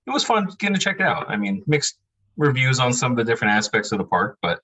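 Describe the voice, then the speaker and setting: A man guest on a sports podcast, talking in a relaxed, wry way with lots of fillers. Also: mid-range voice, quick pace, rough recording. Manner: laid-back, wry, rambling with many fillers. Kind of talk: casual podcast chat.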